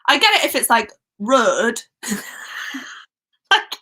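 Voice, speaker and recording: A young Welsh woman hosts a relaxed book livestream, chatty and quick to giggle. Her voice sits fairly high and swings up and down a lot. Her tone is bright and clear. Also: low-quality recording. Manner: giggly, chatty, reading out live comments. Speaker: book channel host. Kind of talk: casual livestream chat.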